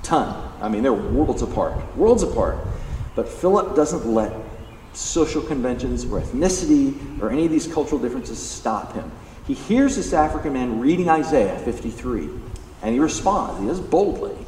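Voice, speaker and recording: A pastor preaching a sermon, emphatic and animated, acting out the lines he quotes. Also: mid-range voice, moderate pace. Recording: echoey hall, distant mic, faint background noise.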